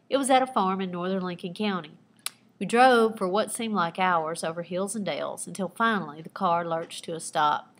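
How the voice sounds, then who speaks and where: A woman teacher with a somewhat low voice reads her own personal story with animated, storytelling expression. Between passages she shifts into plain explanation, pointing students to the similes, dialogue and onomatopoeia she used. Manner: expressive storytelling with asides pointing out figurative language. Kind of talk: reading aloud a personal narrative and explaining writing techniques.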